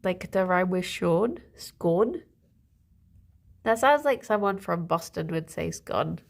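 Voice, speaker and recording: A woman's voice: fairly low pitch, animated, measured pace, gravelly. A young woman chatting casually to her livestream audience, giggling often and breaking off to talk to her pet rabbits at home. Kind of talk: casual chat to a live audience.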